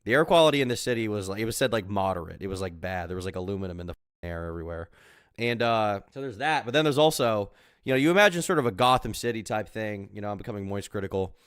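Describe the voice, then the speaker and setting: A young man streaming from home talks to his chat in a loose, rambling, crude way, with plenty of jokes. His voice is on the low side and sounds dry and close to the mic. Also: animated, fast, a bit bright, smooth, dry recording. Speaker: live streamer. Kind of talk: casual livestream chat.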